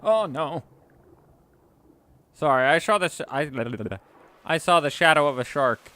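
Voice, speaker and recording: A man's voice: a little high, animated, unhurried, sharp tone, clear, resonant tone, dry recording. A man chatting casually while streaming a game, rambling and self-deprecating, with frequent chuckles. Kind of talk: casual gaming chat.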